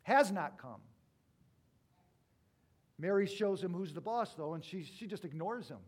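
High-voiced male pastor preaching. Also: a little fast, breathy edge. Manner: storytelling with wide swings from loud to hushed. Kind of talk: sermon.

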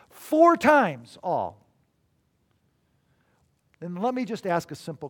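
A man preaching a sermon as a pastor, emphatic, with sudden swings between loud declarations and quiet asides. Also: sits high, big pitch swings, slow, long pauses.

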